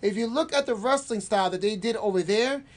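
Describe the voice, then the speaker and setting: A man's voice: high-pitched, fast talker. A man giving opinions in a casual podcast chat, often asking "you know what I mean". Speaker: podcast co-host.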